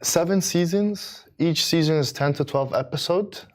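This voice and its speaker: This co-host of a casual studio chat is a man with a slightly high voice speaking at normal speed. He seems a bit nervous, hesitating often and stammering and restarting his sentences.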